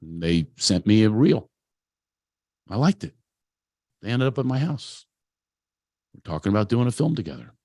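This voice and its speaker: This man speaks a little low, confessional and self-deprecating as he tells stories from his own life. His talk is loose and full of restarts, like an unscripted motivational speech. The sound is dry and close, with almost no room in it. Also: sing-song, normal speed, pauses often, mellow, dry recording. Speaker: producer and speaker at a talent event. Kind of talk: candid motivational storytelling talk.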